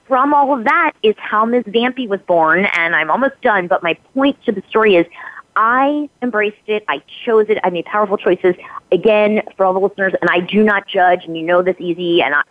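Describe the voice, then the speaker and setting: A woman's voice: mid-range voice, normal speed, no room sound. A woman guest on a podcast interview, speaking in an emphatic, motivational way with repeated phrases. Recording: phone-line audio, dry.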